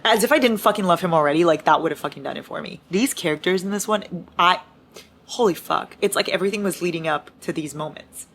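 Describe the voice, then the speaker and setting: A young woman vlogging at home as she reads, gushing, swearing and squealing with excitement. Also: on the low side, quick pace, slight background noise. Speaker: book vlogger. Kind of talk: excited reading vlog chat. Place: home with noisy household.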